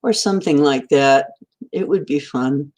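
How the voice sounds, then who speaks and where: A woman's voice: sits low, a little slow, a little mellow. A woman hosting a casual live stream from home, greeting viewers by name and rambling in a giggly, stream-of-consciousness way. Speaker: livestream host.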